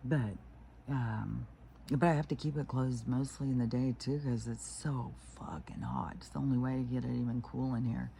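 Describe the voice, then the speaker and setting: A woman with a gravelly, creaky edge talks to the camera from home in the early hours. Her tone is dark and mellow, and she rambles loosely from thought to thought, swearing freely as she goes. A faint hiss sits under the recording. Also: extremely low pitch, steady tone, moderate pace. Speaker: spiritual vlogger. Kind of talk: casual rambling monologue.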